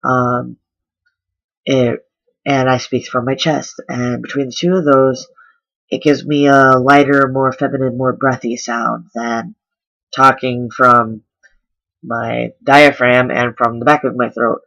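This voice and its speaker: A man's voice: mid-range voice, flat delivery, takes it slowly, creaky, bright, forceful tone, dull audio. A man vlogging a casual voice tutorial, explaining step by step with lots of ums. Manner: chatty, filler-heavy explaining. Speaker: voice coach vlogger.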